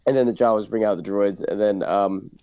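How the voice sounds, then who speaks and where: A man's voice: fairly low pitch, brisk, mellow, clean tone, no room sound, highs cut off, soft background music. A man chatting casually as a guest voice actor, recapping scenes in a loose, rambling way. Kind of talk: casual chat between impressions.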